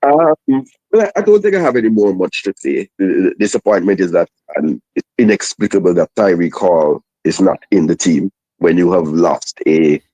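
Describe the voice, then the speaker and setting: A man joining a call as a guest, speaking in a measured, hesitant way with restarts. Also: deep voice, mellow, dry recording, poor audio. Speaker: guest analyst. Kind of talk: casual football chat.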